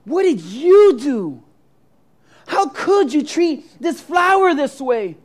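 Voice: high voice, normal speed, natural voice. A preacher voicing a little girl in a sermon story, pleading and emotional. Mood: distraught. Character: little girl, tender and easily upset.

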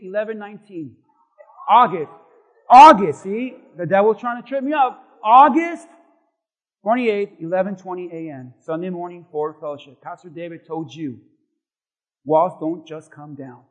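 Pastor guy with a really high voice preaching to his church, yelling some bits then going quiet and chatty. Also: rough recording. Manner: swings from loud shouting to quiet chatty asides with the congregation. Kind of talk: sermon. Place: church sanctuary before a congregation.

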